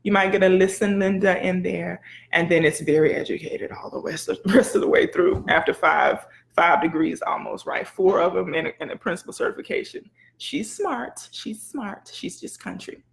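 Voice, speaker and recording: A woman in her forties, a blogger and educator, chatting in a lively, preachy, folksy way on a live phone video. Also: lowish voice, brisk, creaky. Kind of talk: casual live video chat.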